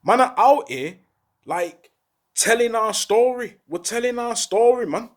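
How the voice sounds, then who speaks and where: Speaking to camera in an impassioned monologue, this high-voiced man, a former prisoner, sounds urgent yet unhurried. He leans on heavy street slang and returns again and again to rhetorical questions.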